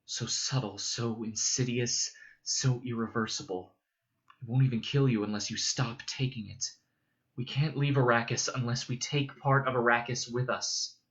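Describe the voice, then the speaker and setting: A man reading aloud gives voice to an intense, bitter teenage noble son who speaks urgently and sometimes shouts. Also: mid-range voice, fairly even intonation, normal speed, dull audio, natural voice. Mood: grim.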